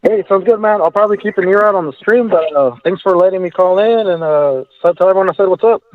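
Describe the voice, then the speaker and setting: A male caller on a call-in show, talking in a rambling, halting way full of fillers. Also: high voice. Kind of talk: casual phone call. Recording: tinny phone line.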